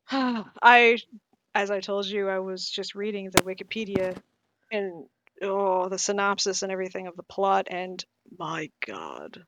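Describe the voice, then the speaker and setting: A woman co-hosting a casual podcast, animated and emphatic, talking with strong conviction. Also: medium pitch, measured pace. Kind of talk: casual discussion.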